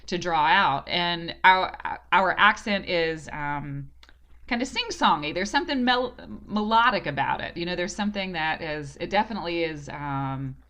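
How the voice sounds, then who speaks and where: A woman in her forties with a Southern American accent talks as a guest on a podcast. Her voice sits a little low. She speaks reflectively, often restarts her sentences, and laughs easily. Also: expressive, normal speed, bright, forceful tone. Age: 40s. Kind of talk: casual interview talk.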